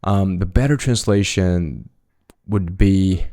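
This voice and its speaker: Deep dark-voiced man teaching slang. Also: fairly even intonation, measured pace. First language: Chinese. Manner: explains with examples, switching between languages. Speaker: language teacher. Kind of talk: casual slang lesson.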